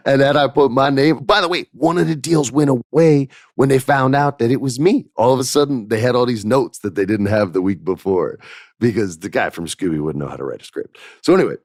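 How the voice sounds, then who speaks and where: A middle-aged man hosting a podcast, casually telling a lively anecdote and acting out quoted dialogue with laughs. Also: mid-range voice, brisk, dry recording, clean studio sound. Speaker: podcast host. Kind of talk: casual storytelling.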